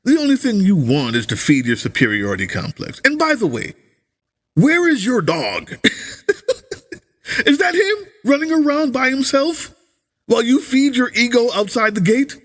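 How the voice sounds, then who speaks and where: A man's voice: very high-pitched, huge pitch swings, moderate pace. A man giving sarcastic, taunting commentary over video clips. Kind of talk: mocking commentary.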